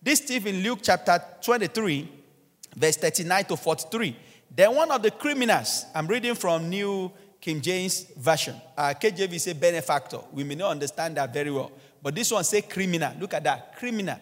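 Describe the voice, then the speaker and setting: A man's voice: sits high, lively intonation, moderate pace. A man preaching a sermon as pastor in a church, urging his listeners with repeated exhortations. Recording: long church reverb, faint music behind.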